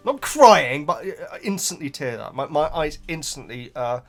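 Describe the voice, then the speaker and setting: A man's voice: on the high side, sing-song, measured pace, a bit bright, soft background music. Rambling man chatting to viewers. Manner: rambling, stammering repeats, frequent asides. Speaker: book reaction host. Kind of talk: casual chat to viewers.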